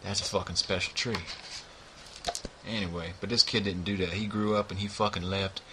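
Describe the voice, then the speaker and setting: Guy with a low voice and a real sharp edge, swearing and rambling on about a book, tons of fillers. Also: fairly even intonation, normal speed, slight background noise. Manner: profane, rambling, constant "you know what I mean" fillers. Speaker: book reviewer. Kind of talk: casual rambling book review.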